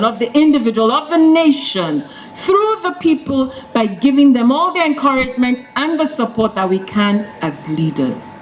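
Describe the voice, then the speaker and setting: A woman with a fairly high voice, delivering a motivational talk. She builds her points through emphatic repetition. Faint room noise hangs in the background. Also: rough recording. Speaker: guest speaker. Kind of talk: motivational speech. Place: event hall with live audience.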